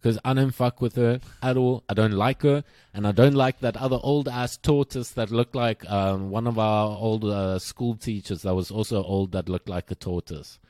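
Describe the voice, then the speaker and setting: A man's voice: lowish voice, fairly even intonation, normal speed, few pauses, darkish tone, dry recording. A young man co-hosting a casual podcast, telling a story with lots of swearing and mimicking the people in it. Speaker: podcast co-host.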